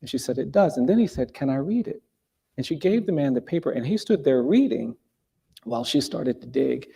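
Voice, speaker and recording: A man speaking as a guest at a live event, telling a story in a measured, deliberate way with pauses. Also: mid-range voice, lively intonation, creaky, mellow, breathy edge. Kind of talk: earnest storytelling in a live conversation. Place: event hall before a live audience.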